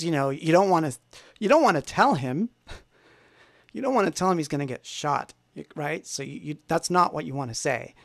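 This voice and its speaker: A man's voice: a little high, dry recording. A man hosting a livestream from his home music studio, telling a rambling story in a casual, self-deprecating way with many fillers.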